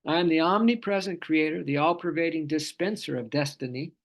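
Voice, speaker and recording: Man, spiritual teacher, gravelly voice, slightly high pitch, fervent, repeats phrases, drawn-out chanted vowels. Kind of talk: scripture class lecture.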